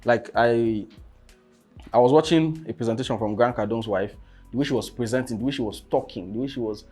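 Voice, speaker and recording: A young man, coaching on presentations in a casual teaching talk. He keeps asking "you understand?" and breaks into sudden loud bursts. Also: medium pitch, a little fast, soft background music.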